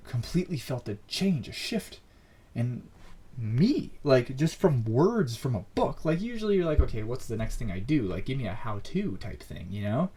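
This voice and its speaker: A man hosting his own podcast, telling a personal story in a casual, earnest and animated way, full of fillers. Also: mid-range voice, fairly quick, slightly rough. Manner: earnest, animated, many fillers like "like" and "you know". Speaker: podcast host.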